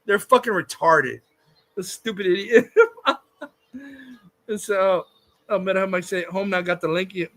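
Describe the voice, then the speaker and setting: A man's voice: high-pitched, measured pace, long pauses, a bit bright. A man hosting a livestream, ranting casually in a heated, profane, insulting way. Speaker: livestream host.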